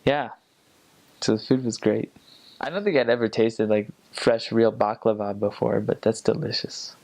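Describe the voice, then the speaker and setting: A young man with a lowish voice telling stories from his time abroad, wandering through thoughts with lots of "like" and "um". He talks in a casual way and trails off and restarts often. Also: steady tone, normal speed, gravelly, darkish tone. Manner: rambling, many fillers and restarts, imitates accents. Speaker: returned missionary. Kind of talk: casual storytelling.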